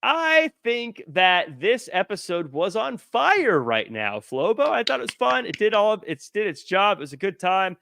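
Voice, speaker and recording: A man hosting a casual podcast, talking into a headset mic in a lively, joking way. His voice sits fairly high and bright and swings a lot in pitch. The sound is close and dry. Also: unhurried, vocal fry, few pauses, dry recording. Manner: lively, joking, reads viewer comments aloud. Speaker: podcast host.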